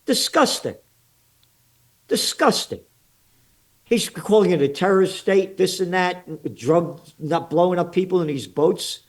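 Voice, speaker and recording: An older American man with an American accent, a trends forecaster, gives blunt, sarcastic, indignant commentary in an interview, packed with rhetorical questions. His voice sits high and animated, moving at a measured pace.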